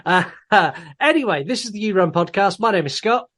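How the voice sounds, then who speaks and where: A man's voice: high-pitched, animated, brisk, a bit bright. A man co-hosting a casual movie podcast, joking and rambling a bit. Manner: jokey, rambling, self-deprecating. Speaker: podcast co-host.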